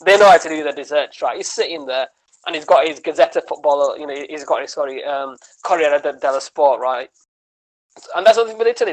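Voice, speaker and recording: A man, a comedian guesting on a podcast, telling animated, rambling stories in casual chat and tagging his lines with "man" and "right?". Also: fairly high pitch, rough recording. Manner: animated storytelling, rambling with many restarts.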